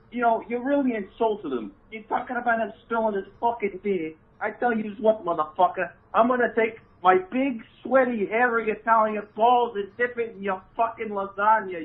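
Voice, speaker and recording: A man doing a blustering Italian tough guy on the phone. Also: very high-pitched. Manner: blustering, threatening, stammering. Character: hotheaded Italian-American tough guy caller. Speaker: prank caller. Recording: tinny phone line.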